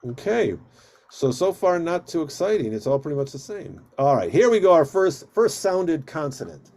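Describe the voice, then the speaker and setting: A rabbi teaching a Hebrew reading class on a video call, patient and steady, drawing out vowel sounds in drills. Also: male voice, on the high side, moderate pace.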